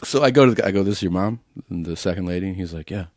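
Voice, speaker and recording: A man's voice: low-pitched, racing, dry recording, studio quality. A man hosting a comedy podcast, telling a story in casual chat and acting out what people said. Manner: animated storyteller acting out quotes.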